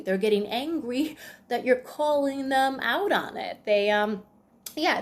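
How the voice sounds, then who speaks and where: A woman hosting a self-help video, talking through examples in a casual, conversational way with frequent fillers and acted-out quoted dialogue. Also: mid-range voice. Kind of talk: casual explanatory monologue.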